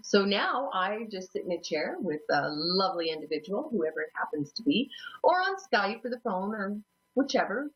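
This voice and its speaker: A woman's voice: medium pitch, sing-song, moderate pace. A woman hosting a psychic talk show, telling her own story in a rambling, self-deprecating way and laughing often. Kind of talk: personal storytelling. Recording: dull lo-fi sound.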